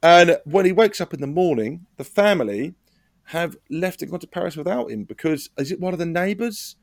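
A man's voice: a little high, lively intonation, fairly quick, gravelly, no echo, clean studio sound. A man co-hosting a podcast, chatting casually with swearing and jokey banter. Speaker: podcast co-host. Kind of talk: casual chat. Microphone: podcast mic.

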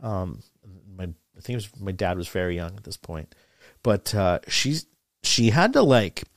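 A man's voice: low-pitched, measured pace, no room sound, studio quality. A man, a comedian, joking and telling stories as a guest in a casual podcast chat. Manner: animated and joking, breaks into loud voices.

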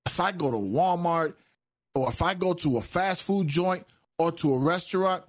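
A man's voice: fairly high pitch, normal speed, no room sound. A man co-hosting a stream, telling stories with emphatic repetition and heavy swearing. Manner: emphatic, repeats himself, swears heavily. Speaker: stream co-host. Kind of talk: animated profane storytelling.

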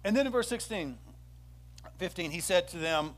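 Male pastor, sermon delivery, a bit high-pitched, acts out the quotes with energy. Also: moderate pace. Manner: animated storytelling, acts out quoted speech.

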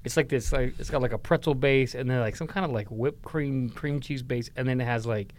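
A man's voice: medium pitch, brisk. A man who laughs often, co-hosting a casual podcast chat about family holidays. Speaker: podcast co-host.

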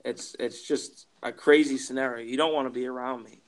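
A young man co-hosting a podcast in casual sports chat, rambling with halting restarts and casual swearing. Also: medium pitch, steady tone. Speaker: podcast co-host.

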